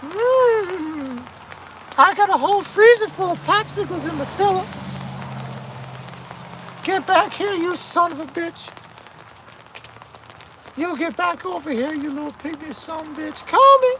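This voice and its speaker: A man doing an impression of a crude middle-aged cartoon neighbor who yells coarse threats. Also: extremely high pitch, animated, unhurried, pauses often, a crowd in the background, background noise, voice pushed up, exaggerated voice. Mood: menacing. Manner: shouting, coarse.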